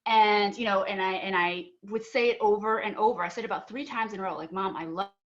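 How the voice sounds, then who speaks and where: A woman's voice: medium pitch, brisk. Young woman telling a story on a panel, earnest, lots of um and like, kinda muffled call audio. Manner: earnest, animated, acts out both sides of arguments. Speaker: panel speaker.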